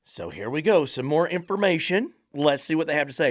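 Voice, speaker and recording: A man's voice: fairly high pitch, lively intonation, fairly quick, hardly any pauses, no echo, clean studio sound. A man hosting a dog training podcast, lecturing emphatically with repeated rhetorical questions. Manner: preachy, repetitive rhetorical questions.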